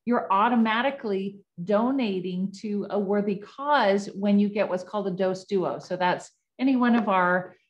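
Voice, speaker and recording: A woman's voice: medium pitch, moderate pace, few pauses, muffled recording. A woman co-hosting a sales talk on a video call, chatty and friendly with plenty of asides. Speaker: co-host presenter.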